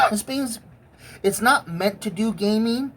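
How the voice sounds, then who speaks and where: A woman's voice: on the high side, slow pace, husky. A woman giving a blunt, profane, emotionally intense rant as a vlogger. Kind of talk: profane ranting monologue.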